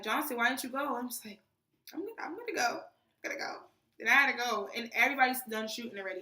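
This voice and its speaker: A young woman from New tells her training story in a casual, animated vlog, peppering her talk with "freaking". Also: medium pitch. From New York. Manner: animated, chatty, says "freaking" often. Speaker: soldier vlogger. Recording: echoey room, mic at a distance.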